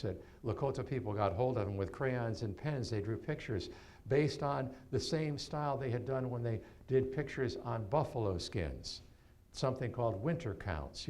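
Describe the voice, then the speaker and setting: A man in his seventies from New York, giving a keynote talk as a storyteller and telling stories with animated swings and laughter. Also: mid-range voice. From New York, USA. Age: 70s.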